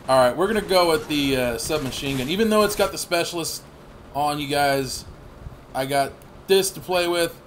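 A man in his thirties giving rambling, profane gameplay commentary with sudden excited outbursts. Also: fairly high pitch, moderate pace, slight background noise. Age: 30s. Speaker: gaming channel host.

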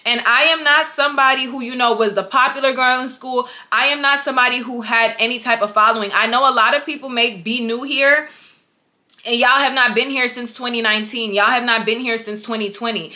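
A woman's voice: on the high side, bright, forceful tone. A young woman vlogging to her viewers, emphatic and repetitive, calling them y'all as she urges them on. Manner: emphatic, repeats herself, addresses viewers as y'all. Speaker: vlogger, business owner. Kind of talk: motivational vlog talk.

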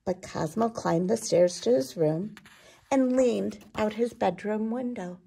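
A woman reading a children's picture book aloud, expressive and unhurried. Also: medium pitch, gravelly, slightly rough. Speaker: children's storyteller.

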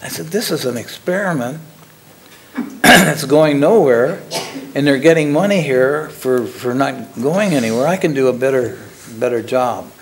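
An older man, a former lab technician, telling his story in a casual, halting way with frequent chuckles. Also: medium pitch, lively intonation.

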